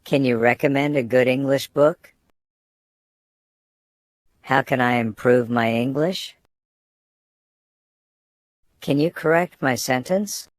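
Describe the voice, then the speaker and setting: A man's voice: mid-range voice, slow, pauses often, no room sound. Man reading student phrases, dry and close. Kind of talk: scripted phrase reading for learners.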